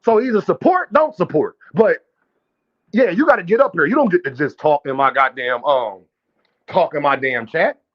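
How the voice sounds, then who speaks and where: A man's voice: on the high side, animated, normal speed, dull audio. A man hosting a boxing livestream in casual commentary, brash and profane, trash-talking viewers and calling out his chat directly.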